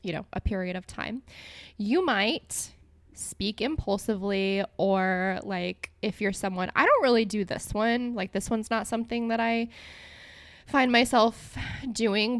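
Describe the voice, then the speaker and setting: A woman's voice: mid-range voice, no echo. Young woman, podcast host, casual chat, giggly, filler-heavy, dry close sound. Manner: chatty, giggly, lots of "like" fillers. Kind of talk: casual solo podcast talk.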